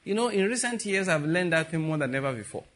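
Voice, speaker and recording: A man preaching a sermon, telling stories with quiet asides that build to emphatic peaks. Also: fairly high pitch, lively intonation, fast talker. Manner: storytelling with soft asides and rising emphatic peaks.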